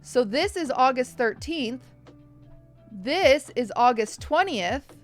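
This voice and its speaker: A woman's voice: high voice, expressive, slow pace, faint music behind. A young woman streamer telling a long, stressed story to her chat in a rambling way, acting out the people she quotes. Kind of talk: casual chat to stream viewers.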